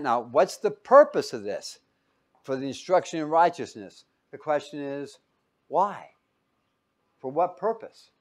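A man teaching a Bible lesson as a sermon, joking and quizzing his listeners. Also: mid-range voice. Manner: jokey, asks the audience questions; lively, swings between loud and quiet.

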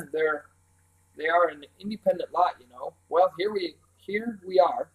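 A man's voice: high-pitched, measured pace, slightly rough, low-quality recording. A man reading as a hearty beaming father. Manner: beaming, jovial public manner. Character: hearty, cheerful father of three.

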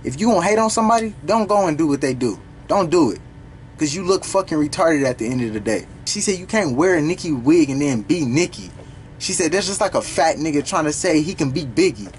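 This is a young man with a somewhat raised pitch hosting his own reaction video. He talks loosely and profanely, full of slang and quick asides. A faint low rumble sits under his voice. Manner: animated, profane, slangy, stops the song to explain lyrics. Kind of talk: casual reaction commentary.

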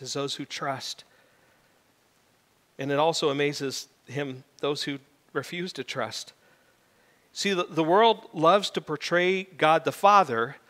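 A middle-aged man preaching a sermon as pastor, animated and building to loud emphatic peaks. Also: fairly high pitch. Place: church sanctuary. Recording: reverberant church hall.

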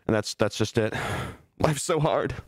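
A man's voice: on the high side, vocal fry, darkish tone, slightly rough. A male streamer doing a mock-melancholy, self-pitying comic bit in casual stream chat, breaking into laughs, speaking from his office. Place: office, sitting on a beanbag.

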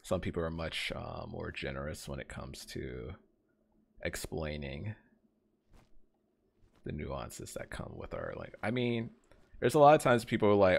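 A man's voice: low-pitched, very animated, measured pace, gravelly. A young man live-streaming a game, chatting casually and rambling to his viewers, greeting them by name.

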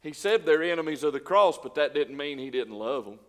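A male pastor, preaching a sermon full of rhetorical questions and swinging between loud and soft. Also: on the high side, animated, fairly quick, in a large hall. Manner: preaching with rhetorical questions, swelling and dropping in volume. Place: church sanctuary.

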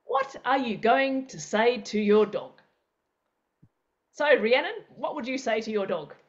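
A woman's voice: a little high, measured pace, dull audio. A woman teaching an interactive online workshop, acting out everyday scenarios with playful sound effects. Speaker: presenter.

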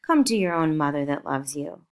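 A woman's voice: low voice, expressive, moderate pace. A woman reading a novel aloud, voicing a glamorous young woman who croons in a sing-song manner. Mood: crooning.

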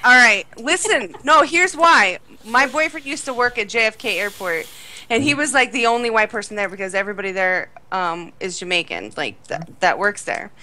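Bright, chatty woman telling stories. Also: mid-range voice, expressive, normal speed. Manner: chatty storyteller with filler words. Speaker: game stream guest. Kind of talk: casual gaming chat.

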